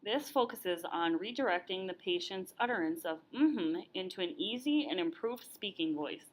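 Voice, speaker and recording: A woman's voice: mid-range voice, lively intonation, normal speed. Young woman reading lesson steps evenly. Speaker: student playing a therapy client and narrating steps. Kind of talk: scripted lesson narration.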